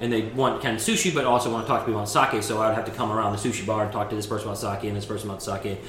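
A middle-aged man who talks quickly with a bright, forceful voice, telling stories in a lively interview. He laughs easily and restarts his sentences as he goes. The room is echoey, with faint ambience behind him. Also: on the low side, a little hiss or hum. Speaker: sake program lead, former chef. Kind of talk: casual interview storytelling. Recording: roomy echo with faint ambience.

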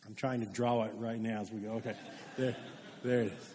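Speaking fairly quickly in a lowish, mellow voice with little pitch movement, a male pastor delivers a storytelling sermon. He narrates earnestly and asks his congregation questions. The audio carries long hall reverb and a little hiss or hum.

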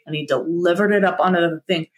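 A middle-aged woman talks in a relaxed podcast chat. She is animated and jumps up in pitch when she acts out what others said. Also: quick pace. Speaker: guest therapist. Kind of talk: casual podcast conversation.

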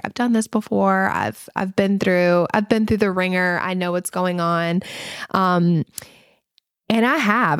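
A woman in her thirties with a soft Southern US accent hosts a podcast from home, talking in a loose, chatty way full of ums, likes and little laughs. Her voice sits at an ordinary middle pitch. The sound is dry and close, with no room echo. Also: gravelly. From American South. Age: 30s. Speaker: podcast host. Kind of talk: casual chat. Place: home, recording at night. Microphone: podcast microphone.

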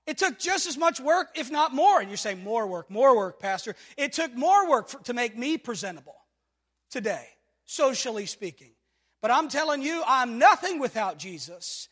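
A pastor delivering a sermon, swinging from shouts to hushed tones and calling back to the congregation with repeated refrains. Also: male voice, very high voice, big pitch swings, moderate pace. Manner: repetitive rhetorical calls to the congregation. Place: church sanctuary. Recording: long hall reverb from a church.

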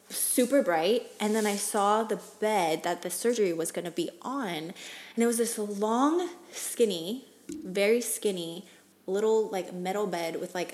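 A young woman talking straight to her camera in a casual vlog. She tells her story frankly and chattily, with lots of fillers, a casual swear here and there, and a mid-range voice. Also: medium pitch. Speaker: vlogger.

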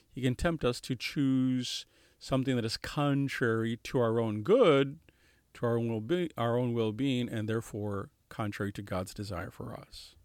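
A calm man, a priest, explains theology plainly in a podcast conversation. His voice is of ordinary pitch. The recording is dry, with no room sound. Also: dry recording.

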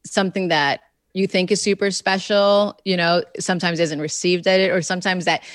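A woman's voice: on the low side, steady tone, fairly quick, no room sound, clean studio sound. A woman who writes children's books, talking casually as an interview guest, rambling with lots of "like" and "you know". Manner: reenacts conversations in quotes.

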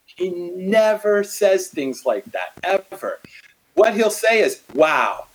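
A middle-aged man in a casual faith conversation, animated, acting out quotes as he tells stories. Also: high-pitched, slow, poor audio.

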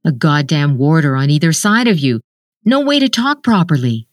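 A woman reading the lines of a gentle, apologetic older brother speaking over the phone. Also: low-pitched, lively intonation, moderate pace, dry recording, clean studio sound.

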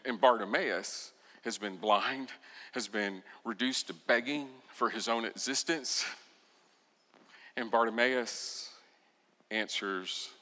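A man preaching a sermon as pastor, telling the story with expression and acting out quoted lines, sometimes dropping to a soft, intense voice. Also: lowish voice, long reverb tail.

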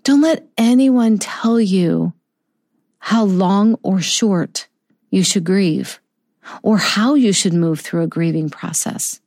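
A middle-aged woman speaking softly and slowly about a personal loss in a heartfelt, reflective monologue. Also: medium pitch, no echo, studio quality. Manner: soft, slow and heartfelt, with tender pauses. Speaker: vlogger sharing a personal story.

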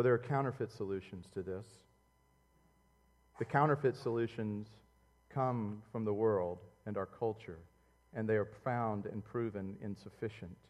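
Animated preacher in a reverberant hall. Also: male voice. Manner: animated preaching, swinging between loud outbursts and quiet, low intimacy. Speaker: pastor. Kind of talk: sermon.

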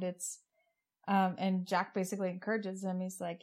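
A woman's voice: fairly low pitch, little pitch movement, moderate pace. A woman co-hosting a podcast, giving a chatty and wry recap of an episode. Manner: chatty, laughing, wry retelling. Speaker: podcast co-host.

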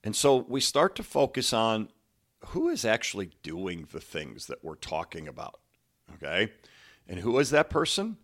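A man talks on his motivational podcast as a coach speaking to other coaches. His voice sits on the low side. He keeps checking in with "okay?" and "right?", and he slows down to give each quoted line some weight. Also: sing-song, fairly bright tone. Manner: earnest, stops to stress quoted lines slowly; conversational, asks listeners "okay?" and "right?". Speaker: basketball coach and podcast host.

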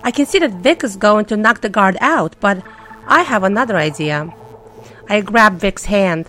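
Woman reading a first-person story, playful and teasing, quiet music under her. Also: medium pitch, lively intonation, moderate pace. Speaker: narrator.

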